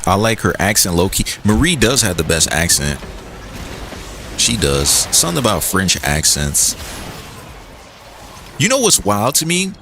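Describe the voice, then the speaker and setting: A young gaming streamer with a lowish voice jokes around with his chat as he plays, reading and replying to messages in an animated way. He talks a little slowly with long pauses, and the background is noisy.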